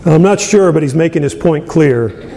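A man preaching a conversational sermon, chuckling often and filling pauses with ums and uhs. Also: animated, vocal fry, dark tone, faint music behind. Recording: long hall reverb, faint rumble.

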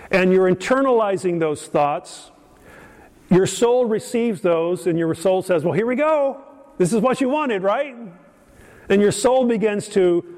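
Guy preaching a sermon, fairly high voice, rambles and repeats, chuckles a lot, echoey hall. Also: a little mellow. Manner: rambling, repeats himself, chuckles between points. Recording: long hall reverb.

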